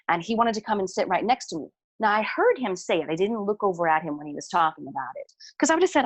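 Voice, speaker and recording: A woman guest on a podcast, telling stories in a relaxed, amused way with frequent fillers. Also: mid-range voice, quick pace, no room sound. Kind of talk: casual storytelling conversation.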